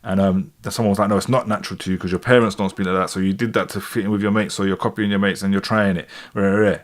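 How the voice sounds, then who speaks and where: Man, forties, London accent, casual live-stream chat, slightly low voice, reads viewer comments. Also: flat delivery, racing. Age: 40s. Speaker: streamer reacting to music.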